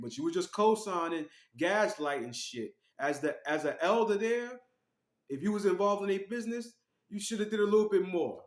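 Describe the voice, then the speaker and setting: Higher-voiced man in an echoey room. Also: measured pace. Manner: animated, acts out quoted voices. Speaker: online commentator. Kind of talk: casual storytelling commentary.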